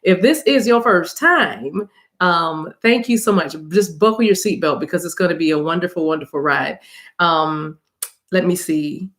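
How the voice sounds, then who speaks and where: A woman's voice: fairly low pitch, moderate pace, fairly bright tone. Chatty woman hosting a spiritual livestream. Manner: laughing, chatty, addresses viewers as y'all. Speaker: spiritual reader and channel host. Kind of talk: casual livestream chat. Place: indoors, livestream from phone. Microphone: phone.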